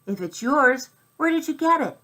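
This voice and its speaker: A woman's voice: high-pitched, animated, moderate pace, sharp tone, pitched above the performer's own voice, rough recording. A woman voicing a stubborn young boy who speaks bluntly and wonders aloud, in a children's storybook reading. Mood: curious.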